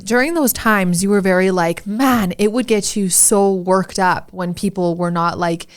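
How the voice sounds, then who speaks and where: A woman's voice: medium pitch, moderate pace, smooth. A woman co-hosting a casual podcast, talking in a loose, chatty way with many filler words. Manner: chatty, filler-heavy, says "like" often. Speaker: podcast co-host.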